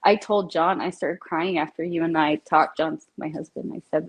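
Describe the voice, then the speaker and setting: A woman's voice: sits low, steady tone, moderate pace, breathy edge. A woman guest in an interview, speaking in an empathetic, emotional way. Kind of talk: conversational interview.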